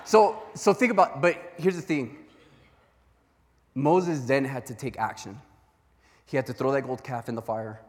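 A man preaching a sermon as a pastor, telling Bible stories in an animated way and acting out their voices. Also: mid-range voice, measured pace, pauses often, in a large hall. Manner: animated storytelling with acted-out voices.

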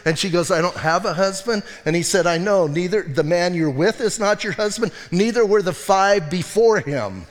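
Male pastor, sermon delivery, animated storyteller; slightly high voice, long reverb from a church hall. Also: moderate pace, few pauses. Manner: animated storytelling with acted quotes and laughs. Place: church sanctuary.

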